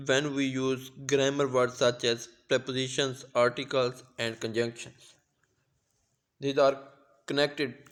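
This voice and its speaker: A young man from Pakistan presents a pronunciation lesson to his class. He speaks at an unhurried, deliberate pace in a middle-range voice, often pausing to correct himself. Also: medium pitch. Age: young adult. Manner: slow, careful, with restarts. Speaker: student presenter.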